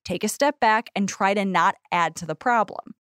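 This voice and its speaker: A woman's voice: mid-range voice, normal speed, fairly bright tone, smooth, no room sound, clean studio sound. A woman co-hosting an advice podcast, rambling through jokey metaphors and swearing freely in casual chat. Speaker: podcast co-host.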